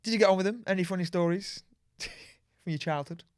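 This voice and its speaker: A man's voice: sits high, brisk, dry recording, studio quality. A man, co-hosting a podcast in casual chat, speaking reflectively and restarting his sentences. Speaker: podcast co-host.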